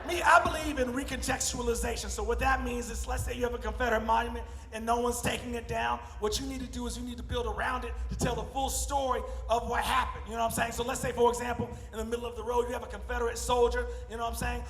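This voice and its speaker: A man's voice: very high voice, vocal fry, fairly bright tone. A man doing a stand-up comedy set on a convention stage, talking conversationally and often saying "you know what I'm saying". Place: convention stage before a live audience. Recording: echoey hall.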